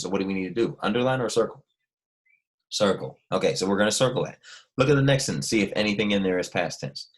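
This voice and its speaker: A man teaching a recorded language lesson, explaining patiently step by step and asking his students questions. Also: fairly low pitch. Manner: slow, careful dictation with each word repeated.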